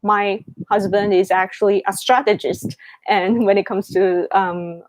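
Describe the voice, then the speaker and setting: A woman's voice: medium pitch, level tone, unhurried, no room sound. A Japanese woman in her thirties, a native Japanese speaker talking English with a Japanese accent, hosts a casual live Q&A chat and rambles as she searches for her words. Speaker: live-stream host.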